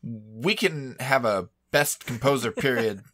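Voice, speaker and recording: A man's voice: medium pitch, slow, pushed and bright, dry recording. A man co-hosting a video game podcast, chatting casually in an easygoing, joking way. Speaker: podcast co-host. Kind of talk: casual chat.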